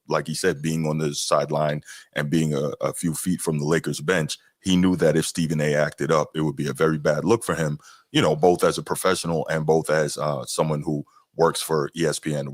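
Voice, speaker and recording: A man hosting a podcast, reacting to clips in a relaxed, chatty way with fillers. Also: a bass voice, no room sound, studio quality. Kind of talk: casual commentary.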